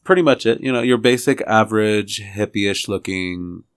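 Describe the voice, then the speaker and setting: A man's voice: fairly low pitch, normal speed, smooth, no echo, studio quality. A man from Texas playing a tabletop game, describing things in a laid-back, rambling way. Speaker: player. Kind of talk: tabletop role-play.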